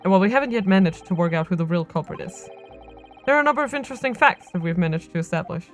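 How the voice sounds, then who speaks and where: A woman's voice: fairly low pitch, lively intonation, rapid-fire, faint music behind, close to an everyday voice. A woman voicing an earnest young male defense lawyer who reasons things through aloud, reading game dialogue on a stream.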